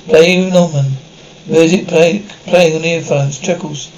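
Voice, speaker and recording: Man reading a script in one even voice. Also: a little high, unhurried, slight background noise, low-quality recording. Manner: reads every part and cue in one even voice. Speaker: script reader. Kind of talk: reading a TV script aloud with its sound cues.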